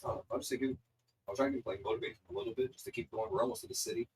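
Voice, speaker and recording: A man's voice: mid-range voice, wildly swooping pitch, rapid-fire, slight background noise, low-quality recording. A young man playing at a tabletop game, talking casually and swearing now and then. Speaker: player.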